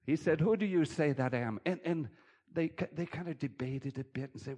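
A man preaching a sermon, swinging between loud, emphatic bursts and quiet, chuckling asides. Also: a little high, fairly quick, breathy edge.

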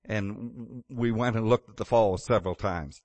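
A man's voice: on the low side, a little slow, darkish tone, no room sound. A man preaching a sermon in a conversational way, with chuckles and restarts. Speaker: pastor.

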